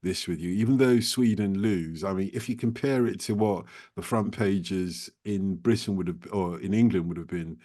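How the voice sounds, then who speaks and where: A man hosting a podcast conversation, chatty and playful and quick to laugh. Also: low voice, warm tone. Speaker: podcast host.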